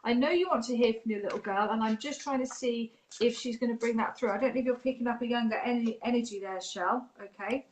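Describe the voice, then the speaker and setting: A woman's voice: fairly high pitch, fast, few pauses, poor audio. Reassuring woman medium. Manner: gentle, reassuring, adds okay to her advice. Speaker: psychic medium. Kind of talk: live spirit reading.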